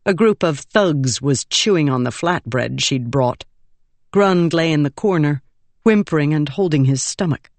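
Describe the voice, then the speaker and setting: A narrator reads a fantasy novel in a measured, expressive way, with a slow pace and a lively, wide-ranging pitch. The recording is close and dry, with no room sound. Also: dry recording. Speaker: audiobook narrator.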